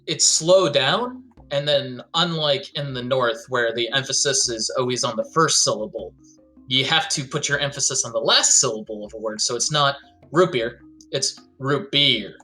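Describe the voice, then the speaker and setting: A man's voice: medium pitch, a little fast, bright, forceful tone, soft background music. A man chatting casually as a player in a tabletop game session, joking and explaining accents in a mock-lecturing way. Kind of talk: casual group chat over voice call.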